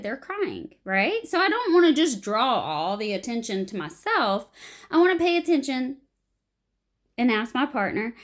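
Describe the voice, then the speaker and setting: Young female improv teacher, animated, slightly high voice, beginner lesson. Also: moderate pace. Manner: animated, acts out short example lines.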